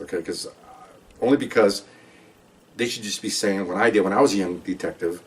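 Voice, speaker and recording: Older ex-cop storyteller, low voice, rapid delivery, acts out the dialogue, mic set back a bit. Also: male voice, distant mic. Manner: animated storyteller who acts out dialogue and asks rhetorical questions. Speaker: retired police supervisor telling stories. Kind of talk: podcast storytelling.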